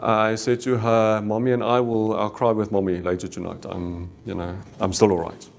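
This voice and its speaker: A man's voice: on the low side, level tone, normal speed, vocal fry, slight background noise. A middle-aged South African man, a company CEO, candidly telling a personal story to staff and acting out the dialogue. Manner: candid storyteller, acts out dialogue, Afrikaans exclamations. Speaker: company CEO giving a talk.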